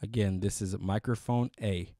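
Guy with a low voice rambling through a gear review, dry close mic. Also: moderate pace, dry recording. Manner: relaxed, rambling, many fillers and restarts. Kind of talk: casual product review. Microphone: close studio microphone.

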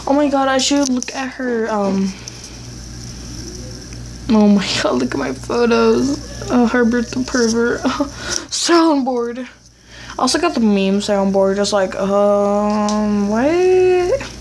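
Slow-talking, high-voiced woman gamer. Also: expressive, a little mellow, a little hiss or hum, poor audio. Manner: rambling, talks to herself, blunt. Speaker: gaming YouTuber. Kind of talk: casual gameplay commentary.

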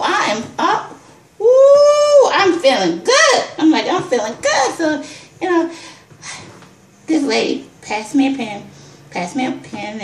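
A woman vlogger telling an excited personal story, exclaiming, repeating herself and calling her viewers y'all. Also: a little high, echoey room, a little hiss or hum.

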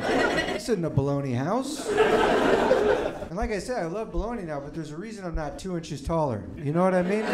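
A man's voice: high-pitched, reverberant. A man from the Atlanta suburbs doing a stand-up comedy set in a club, talking casually with loose asides. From Atlanta suburbs, US South. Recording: loud background noise.

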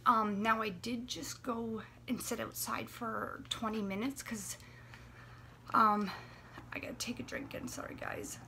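A woman's voice: fairly high pitch, fairly even intonation, bright, forceful tone, slight background noise. Anxious, whispering young woman. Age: 20s. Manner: shaky, halting, drops to whispers often. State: dry throat, anxious and close to tears. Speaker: vlogger. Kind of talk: personal vlog confession. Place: warm apartment room.

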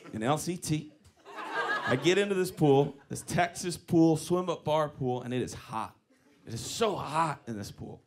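A man doing live stand-up comedy on a club stage, telling an animated story with running callbacks. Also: fairly high pitch. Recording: live club recording with audience laughter.

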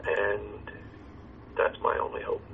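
A man who is a pastor, talking earnestly and in a measured way over a call, heard through a phone line. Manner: earnest, measured, reciting a hymn slowly. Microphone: phone or video call. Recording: tinny phone line with faint noise.

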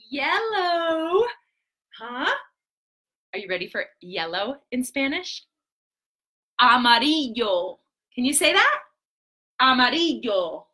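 A woman hosting a live stream for preschoolers, talking in an animated, sing-song way with gasps and quick asides. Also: high voice. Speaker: children's entertainer host. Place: home.

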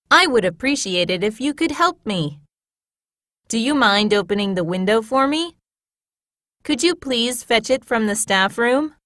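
A woman reading classroom English phrases in a clear, measured, teacher-like way, as scripted studio narration. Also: fairly high pitch, fairly bright tone, no echo.

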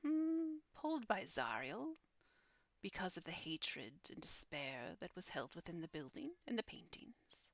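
A woman voicing a solemn female dragon guardian in a hushed, breathy whispered role-play. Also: on the low side, very animated, measured pace, dry recording.

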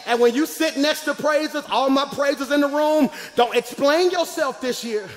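Male pastor, 40s, high-pitched shouting call-and-response preacher in a church sanctuary. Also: moderate pace, few pauses, long reverb tail, over music. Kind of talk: live sermon.

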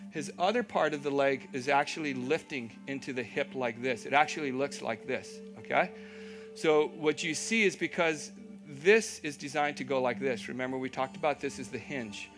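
A man's voice: mid-range voice, normal speed, over music. A man teaching a live yoga class, giving encouraging cues, checking in with "okay?", and making playful asides.

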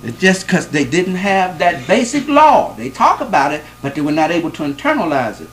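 Male lecturer, higher voice, emphatic, asks the room questions, repeats for stress. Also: sing-song, moderate pace, rough recording. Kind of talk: classroom lecture to a live audience.

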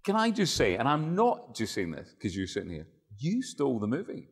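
A man's voice: mid-range voice, wildly swooping pitch, a little fast, background noise. A man interviewing a guest on a TV show, effusive and complimentary.

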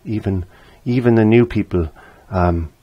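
This is an older man leading a relaxed painting tutorial. His voice sits low with a husky edge. He chats freely and circles back over his own phrases as he explains each step. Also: a little slow, lo-fi sound. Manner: chatty, repeats his phrases. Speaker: painting teacher.

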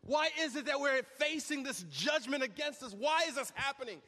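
A pastor preaching a sermon, shouting with emphatic repetition. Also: male voice, very high voice, animated, moderate pace. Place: large hall. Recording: reverberant hall.

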